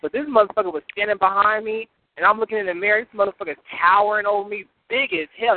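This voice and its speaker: High-voiced man trash talking over phone. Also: fast, hardly any pauses, no room sound. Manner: profane, boastful, laughing. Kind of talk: heated trash talk. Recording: tinny phone-like line.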